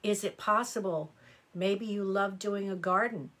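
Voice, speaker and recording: A woman's voice: mid-range voice, fairly even intonation, a little slow, a bit bright. A middle-aged woman reading horoscopes on a live stream, chatty and exclamatory, answering viewer comments as she goes. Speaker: astrology reader.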